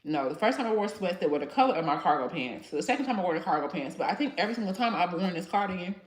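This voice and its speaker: A woman's voice: fairly low pitch, expressive, racing. A woman chatting casually and rambling to viewers on a livestream from her small salon. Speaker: hairstylist and salon owner hosting a livestream. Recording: echoey salon room.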